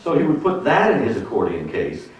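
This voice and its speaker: A man, a musician, telling a true story in an animated way, chuckling and acting out the other people in it. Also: medium pitch, fairly quick. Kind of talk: spoken storytelling. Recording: roomy echo, distant mic, faint noise.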